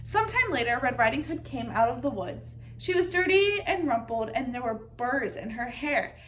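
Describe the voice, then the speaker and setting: A high-voiced woman reads a children's story aloud with lively expression. She speaks directly to her young listeners, asking them what they think. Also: moderate pace, a little hiss or hum. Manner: expressive, asks listeners questions.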